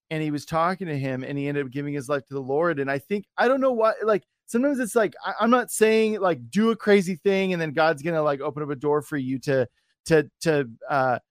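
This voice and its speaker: A man's voice: fairly high pitch, no echo, clean studio sound. Rambling man hosting a faith podcast. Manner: rambling, full of restarts and fillers. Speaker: podcast host. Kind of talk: casual conversation, telling a personal story.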